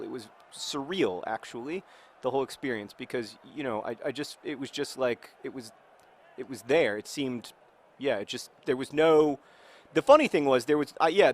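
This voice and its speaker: A man's voice: mid-range voice, slight background noise. A man casually talking while playing a video game, rambling with many fillers and restarts. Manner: bursts into loud excited yelling at the game. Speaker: author and video game player.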